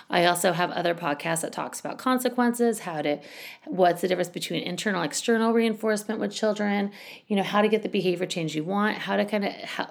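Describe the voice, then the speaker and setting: A middle-aged woman, both a school educator and a parenting podcast host, hands out casual parenting advice in a chatty style packed with "you know" and "like." Her voice is lowish and creaky.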